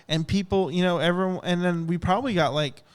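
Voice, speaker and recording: Young guy on a podcast, smooth voice kinda high, rambles and acts out quotes. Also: a little fast. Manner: rambling, animated storytelling with acted-out quotes. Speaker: podcast co-host. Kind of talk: casual chat.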